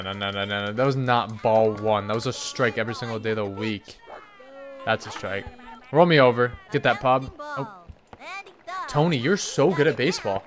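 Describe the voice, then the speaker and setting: A man giving excited game commentary as a gaming YouTuber, hyped and cheering players on by name. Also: medium pitch.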